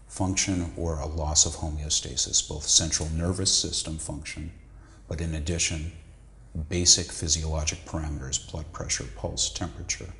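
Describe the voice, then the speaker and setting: A middle-aged psychiatrist, appearing as a guest, gives explanatory interview answers about medical ideas in a measured, lecturing manner. His voice is deep and low yet a bit bright, and he sometimes pauses and restarts while building his points. The room is echoey.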